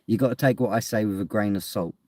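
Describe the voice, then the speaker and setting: An English streamer chats casually at home indoors while reading his live chat, rambling, laughing a lot, and swearing now and then. He talks fast in a low, darkish voice.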